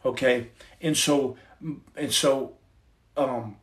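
A man's voice: mid-range voice, fairly even intonation, takes it slowly. A middle-aged man hosting a livestream, giving his testimony in an earnest, preachy, casual way into his phone. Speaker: livestream host.

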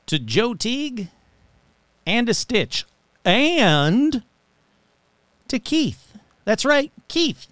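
A man's voice: high-pitched, fairly bright tone, clean tone, dry recording. A man hosting a paranormal podcast, chatting casually and with self-mockery as he reads out a long list of supporter names. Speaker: podcast host. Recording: very dry close-mic sound.

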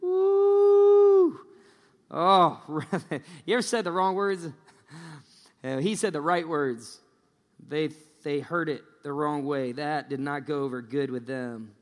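A pastor preaching a sermon, telling a story in a lively way and acting out the people in it. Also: male voice, on the high side, measured pace. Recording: long church-hall reverb.

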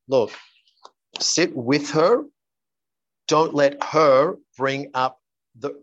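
A man's voice: mid-range voice, a bit bright, dry recording, highs cut off. A man speaking as an interview guest, earnestly telling stories and acting out the dialogue in them. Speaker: guest, coach. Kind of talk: interview storytelling.

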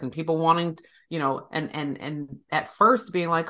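A woman's voice: deep voice, a little slow, hardly any pauses, fairly bright tone. Woman, casual chat, reflective, acts out quotes. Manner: reflective, quotes others in playful voices.

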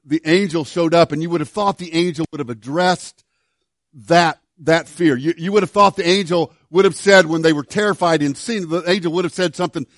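Older man, pastor, conversational sermon, storytelling, gentle humor, slightly high, dry. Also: fairly quick, no echo.

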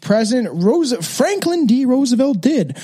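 With an extremely high, husky, mellow voice and a sing-song delivery at moderate pace, this man co-hosts a podcast. He chats crudely and casually about a true crime case, often breaking off to restart sentences.

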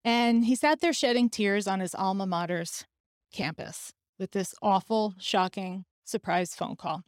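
A woman's voice: mid-range voice, a little slow, no echo, studio quality. A woman hosting a podcast, telling a personal story candidly and emotionally, acting out the voices of people she quotes. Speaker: podcast host.

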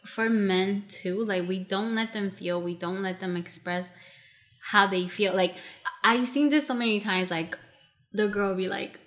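A woman co-hosting a casual podcast chat, animated and acting out other people's lines, with casual swearing. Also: mid-range voice, unhurried. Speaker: podcast co-host.

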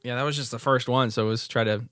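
A man's voice: mid-range voice, fairly even intonation, quick pace, fairly bright tone, no room sound, clean studio sound. A man co-hosting a podcast, reading out definitions from an article and then discussing them casually. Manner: reads out definitions, then chats loosely. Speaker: podcast co-host.

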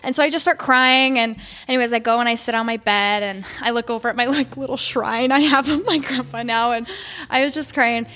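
Young woman, podcast co-host, slightly high voice, casual chat, chatty storytelling. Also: fairly even intonation, brisk, bright, forceful tone. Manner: chatty, many ums and likes, emotional storytelling.

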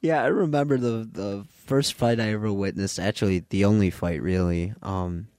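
Low-voiced young guy, easy chatter, dry close sound. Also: a little mellow, no echo. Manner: reacts with laughs and quick agreement. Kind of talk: casual chat.

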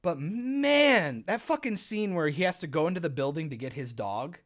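A man's voice: a little high, normal speed. A young man talks in a slightly raised voice, loose and casual. He swears freely and acts out his own reactions as he tells stories on a podcast. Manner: animated, profane storyteller who acts out his own reactions. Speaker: podcast co-host. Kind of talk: casual chat.

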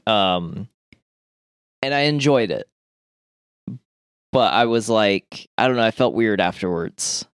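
A man's voice: on the low side, lively intonation, takes it slowly, long pauses, smooth, no room sound, clean studio sound. A man hosting a podcast, chatting casually with profane, emphatic opinions. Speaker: podcast host. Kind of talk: casual chat.

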